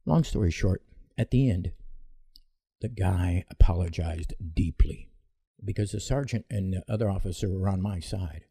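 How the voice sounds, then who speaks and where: Gravelly, deep-dark man telling a story. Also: normal speed, dry recording. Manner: rambling, self-correcting, blunt. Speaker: vlogger telling a personal story. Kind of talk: casual rambling storytelling.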